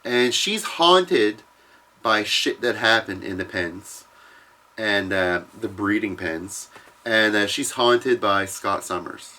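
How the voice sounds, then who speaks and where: A man casually retelling a comic storyline, profane and animated, acting out what the characters say. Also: lowish voice, takes it slowly. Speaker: comics explainer.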